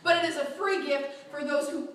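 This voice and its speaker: A woman teaching a church Bible class, animated and often acting out quotes with a laugh. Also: sits high, moderate pace. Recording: very echoey room, mic far off.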